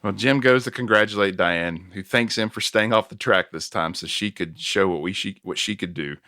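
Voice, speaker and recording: A man hosting a podcast, casually recapping a movie scene by scene with chuckles and quick self-corrections. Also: on the low side, sharp tone, dry recording, clean studio sound. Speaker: podcast host recapping a film. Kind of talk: casual plot recap chat.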